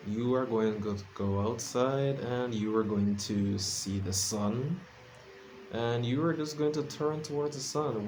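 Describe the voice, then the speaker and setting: A man's voice: medium pitch, darkish tone, slight background noise. A sleepy man rambling casually in a late-night vlog, self-deprecating and full of fillers and restarts. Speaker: vlogger. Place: his room at home.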